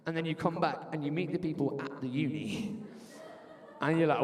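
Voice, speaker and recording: A man in his twenties doing a lively stand-up comedy set with crowd work, shouting his punchlines in a university bar. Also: high-pitched, normal speed. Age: 20s. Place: university bar venue, live audience. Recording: long reverb of a live venue.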